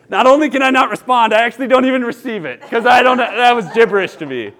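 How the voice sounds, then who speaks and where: Thirties male pastor, high voice, earnest and animated in a sermon. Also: fast talker, few pauses. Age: 30s. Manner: earnest, storytelling, lively with laughter. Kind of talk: sermon with personal stories.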